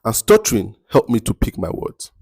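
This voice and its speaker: A man with a Nigerian accent hosting a faith-based motivational podcast, speaking slowly and deliberately and repeating words for emphasis. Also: on the low side, sing-song, darkish tone, breathy edge, no echo, clean studio sound. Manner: slow, deliberate, picks words carefully with emphatic repetition. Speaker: podcast host.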